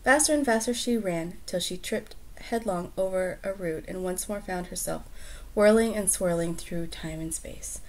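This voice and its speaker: A woman who reads a storybook aloud and then chats casually, soft-spoken and often dropping to near-whispers. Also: on the low side, normal speed.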